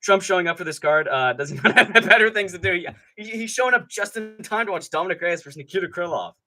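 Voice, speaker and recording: Hyped guy ranting on his fight stream, swears a lot, voice jumps all over, bright and sharp. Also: sits high, quick pace. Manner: excitable, profane, rambling with frequent "dude" and laughs. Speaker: MMA streamer host. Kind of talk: live stream commentary, casual rant.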